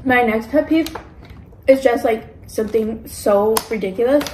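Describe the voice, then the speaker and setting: Young woman, casual mukbang chat, ranting, lots of fillers, slightly high voice, roomy echo. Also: a little slow, a little mellow, a little hiss or hum. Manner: chatty, filler-heavy ranting about pet peeves. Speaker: mukbang vlogger. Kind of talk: casual chat while eating.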